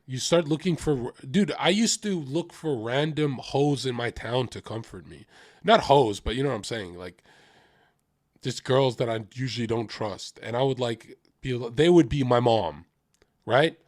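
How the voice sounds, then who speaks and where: A man's voice: medium pitch, unhurried, darkish tone, no echo. Blunt young man on a dry stream mic. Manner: confessional, blunt, swears freely. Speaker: livestreamer. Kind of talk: casual livestream rant.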